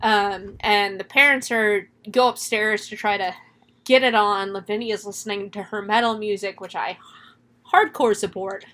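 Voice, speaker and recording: A woman recapping a horror film in casual chat, animated, laughing often and swearing freely. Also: medium pitch, moderate pace.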